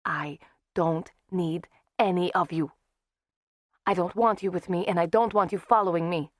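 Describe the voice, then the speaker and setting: A woman voicing a cold, furious young vampire man who shouts at his friends. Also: fairly low pitch, moderate pace, no echo, studio quality, pitched above the performer's own voice, lightly acted. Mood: cold threatening. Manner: shouting, terse, contemptuous.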